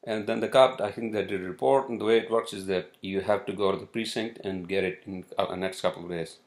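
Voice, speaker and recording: A man's voice: fairly low pitch, fairly even intonation, fast talker. A man telling a story in a casual rant, exasperated, swearing often and restarting his sentences. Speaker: vlogger. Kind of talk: casual ranting monologue. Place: city where he lives.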